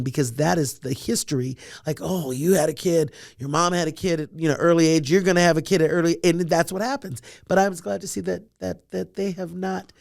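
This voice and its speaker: A woman's voice: low voice, creaky, a little mellow, no echo, clean studio sound. A woman in her fifties, a comedian guest, telling stories in casual chat and acting out the dialogue. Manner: storytelling, acts out dialogue.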